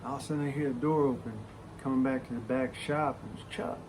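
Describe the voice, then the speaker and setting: A man telling a story from his working life in a casual, animated way, full of swearing. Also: mid-range voice, quick pace, background noise. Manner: profane, animated raconteur.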